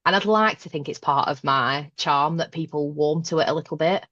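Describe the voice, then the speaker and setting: A woman's voice: low voice, moderate pace, fairly bright tone, dry recording, dull audio. A woman with a broad Lancashire accent from Burnley, a guest in a casual interview chat, frank and self-deprecating. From Burnley, Lancashire, England. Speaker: podcast guest, manager.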